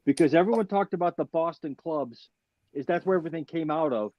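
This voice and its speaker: A man hosting a casual talk show asks curious questions in a slightly high voice. The recording is dry and a little dull, like a lo-fi mic. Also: fairly quick, darkish tone, no room sound. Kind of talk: casual chat.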